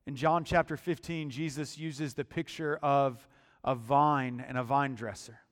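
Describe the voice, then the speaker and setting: A man preaching a sermon in a deliberate, emphatic style, often repeating words as he builds his point. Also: medium pitch, fairly even intonation. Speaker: pastor. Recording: long hall reverb.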